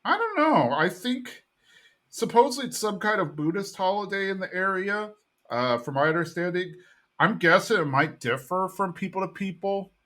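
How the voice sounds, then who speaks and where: A man's voice: high-pitched, animated, moderate pace, bright, forceful tone. Easygoing man recapping a show. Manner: easygoing, thinking aloud. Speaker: podcast co-host. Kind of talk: casual chat, episode recap.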